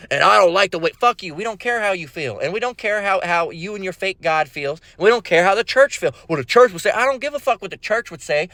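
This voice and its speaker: Man, profane preaching rant, mocking, stammers repeats, fairly high pitch, dry recording. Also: a bit bright, no room sound. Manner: profane, mocking, scripture-quoting, repetitive stammering. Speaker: religious video preacher.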